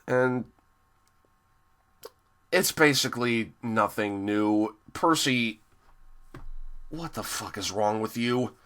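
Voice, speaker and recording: A man's voice: mid-range voice, drawn-out words, pauses often, a bit bright. A young man giving an exasperated, profane review monologue, sighing heavily between complaints. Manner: exasperated and profane, with heavy sighs. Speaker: episode reviewer.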